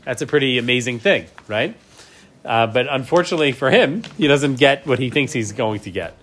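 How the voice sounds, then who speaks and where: A man teaching a class, middle in pitch, who reads out Hebrew verses and then explains them in plain English. He keeps checking in with his listeners, tagging "right?" onto his points as he goes. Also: lively intonation, fairly quick, a bit bright. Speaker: Torah teacher. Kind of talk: class lecture.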